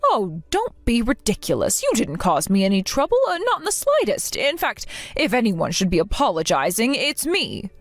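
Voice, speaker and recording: Woman voicing gentle middle-aged mom, reassuring, soothing, varied pitch, dry close recording. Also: wildly swooping pitch, normal speed, hardly any pauses, no echo, soft background music, exaggerated voice.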